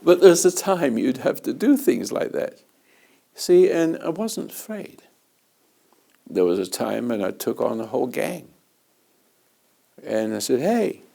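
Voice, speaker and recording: A man's voice: medium pitch, expressive, measured pace, vocal fry, pauses often, dark tone. A man hosting a conversation as a spiritual teacher, telling rambling anecdotes with chuckles along the way. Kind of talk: storytelling in conversation.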